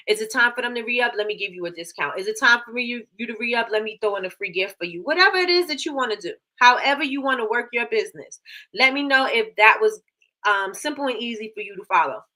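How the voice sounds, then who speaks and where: A woman's voice: a little high, quick pace, pushed and bright. A woman hosting a casual live business show, chatty and repeating herself as she reads out figures. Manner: chatty, repeats phrases, reads stats aloud. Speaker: livestream host.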